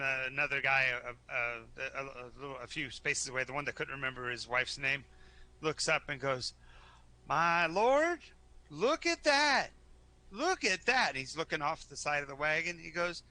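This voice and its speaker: A man's voice: mid-range voice, fairly even intonation, normal speed, pushed and bright. A man narrating a live tabletop game as game master, stammering and repeating words as he tells the story.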